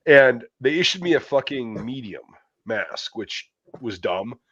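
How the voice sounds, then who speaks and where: A man's voice: mid-range voice, expressive, measured pace, fairly bright tone, slightly rough, dry recording. Guy rambling thru a swear-heavy story on a podcast, dry muffled sound. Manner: profane, rambling anecdote with lots of fillers. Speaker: podcast host. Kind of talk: casual storytelling chat. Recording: dull, muffled dry audio.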